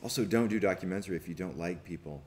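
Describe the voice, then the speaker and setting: A man, a documentary filmmaker, telling a story on a festival panel in an animated way, acting out quotes, with many restarts. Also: low-pitched, quick pace, a little hiss or hum.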